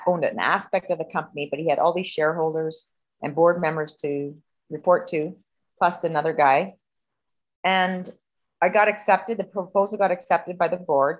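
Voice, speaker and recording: A woman on a video call telling a personal story in a heated, profane, animated way. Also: fairly low pitch, poor audio. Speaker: guest.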